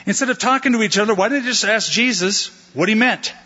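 A man's voice: high voice, fast talker, bright, forceful tone, husky, long reverb tail, lo-fi sound. A man preaching a conversational sermon as a pastor, acting out lines from the text in playful voices. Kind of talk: expository sermon.

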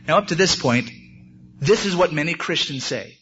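A man's voice: on the high side, animated, moderate pace, a bit bright, husky. A man, a preacher, reading a story aloud expressively within a sermon. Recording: muffled lo-fi recording.

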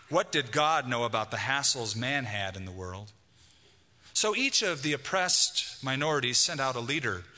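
A man's voice: fairly high pitch, bright, forceful tone, big-room sound. A man preaching a sermon as pastor, emphatic and reading a passage aloud.

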